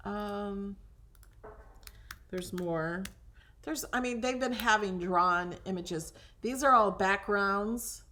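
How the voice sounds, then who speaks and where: A woman's voice: fairly high pitch, a bit bright. A woman hosting a casual crafting tutorial, chatting and thinking aloud as she browses designs, sometimes dropping to a whisper over things she likes.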